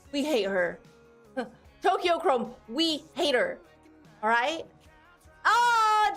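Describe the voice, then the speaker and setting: A woman's voice: a little high, fairly bright tone. A young woman from Texas chatting casually on a live stream, laughing often and teasing her viewers as she reads their messages. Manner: giggly, teasing, reads chat aloud.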